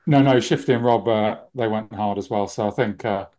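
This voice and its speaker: A man's voice: lowish voice, brisk, darkish tone. A man co-hosting a casual podcast over a remote call, jokey and self-mocking in the way he talks. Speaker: podcast co-host.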